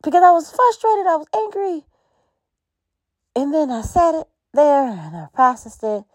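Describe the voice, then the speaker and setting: A woman's voice: high-pitched, lively intonation, moderate pace, darkish tone, no room sound, clean studio sound. A woman hosting a podcast, giving an encouraging faith-based pep talk in a conversational, preachy way with frequent laughs. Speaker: podcast host.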